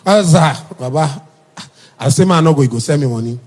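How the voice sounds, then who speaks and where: Husky Nigerian Pidgin comedian storyteller. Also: male voice, animated, a little fast. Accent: Nigerian Pidgin English. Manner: switches into high shouted quoted voices. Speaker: stand-up comedian. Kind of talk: comic storytelling monologue.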